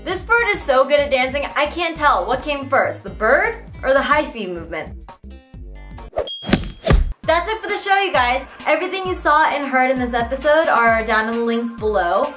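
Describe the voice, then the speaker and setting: A young woman hosting a comedic web news roundup, snarky and playful with quick jokey asides. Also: high voice, lively intonation, over music. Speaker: show host.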